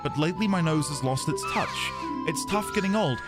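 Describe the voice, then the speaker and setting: A man's voice: fairly high pitch, animated, fairly quick, loud music behind the voice, close to an everyday voice. A British man voicing an old female potion-shop hag as he reads game text aloud in a light lilt. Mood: chirpy.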